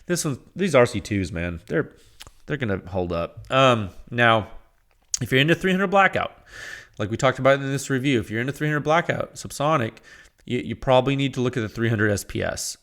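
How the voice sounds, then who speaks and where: A man's voice: medium pitch, animated, brisk, fairly bright tone. A man hosting a podcast, talking in a casual, rambling monologue with exasperated rants, frequent laughter and quoted asides. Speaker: podcast host.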